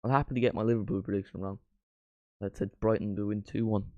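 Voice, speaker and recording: A man hosting a live football watchalong, his voice sitting fairly low. He rambles casually between quick play-by-play calls, recorded dry and close with little room sound. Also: fairly even intonation, dark tone, no room sound, highs cut off. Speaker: watchalong streamer.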